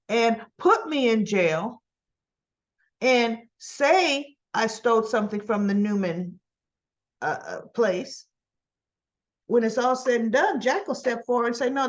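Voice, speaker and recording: Chatty woman recapping soap scenes, lo-fi. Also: a little high. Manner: chatty, retells scenes in quoted lines with asides. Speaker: soap opera recap host. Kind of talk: casual spoken recap.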